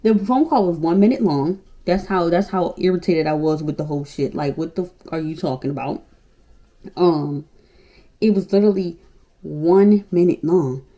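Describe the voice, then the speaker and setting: A woman in her twenties from Baltimore tells a story to her vlog viewers, sitting somewhat low in pitch. Her tone is mellow and warm, and she talks bluntly, swears freely and animates the story as she goes. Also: normal speed. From Baltimore, Maryland, USA. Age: 20s. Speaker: YouTuber.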